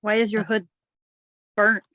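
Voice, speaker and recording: A woman's voice: medium pitch, monotone, measured pace, bright, forceful tone, no echo. A woman player in a tabletop game, curious and a bit hesitant. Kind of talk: casual tabletop play.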